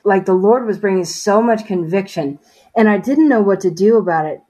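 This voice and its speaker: A woman tells her personal faith story as a guest in a conversation. She speaks earnestly, with a lot of "you know" and "like". Her voice sits at an ordinary middle pitch. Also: animated, normal speed, warm tone, slightly rough, poor audio. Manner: earnest storytelling, acts out remembered dialogue, frequent "you know" and "like". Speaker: interview guest.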